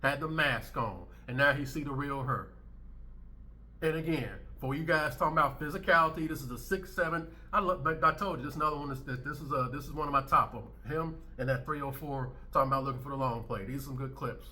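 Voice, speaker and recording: A man's voice: mid-range voice, quick pace, sharp tone. A man hosting a commentary channel, reacting to clips in a blunt, emphatic way and hammering his points home by repeating them.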